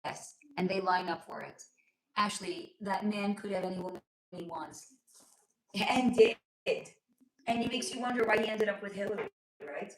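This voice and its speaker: A woman hosting a casual livestream from home, reading viewer comments aloud, calling people honey and sweetie and swearing freely, her voice going hoarse. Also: mid-range voice, moderate pace. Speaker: livestream host. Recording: roomy echo.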